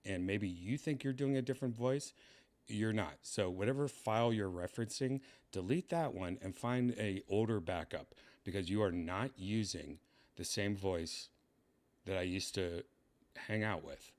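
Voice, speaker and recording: A man hosting a stream, talking in a deadpan way that trails off quietly. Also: lowish voice, normal speed. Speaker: streamer host. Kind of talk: casual streaming chat.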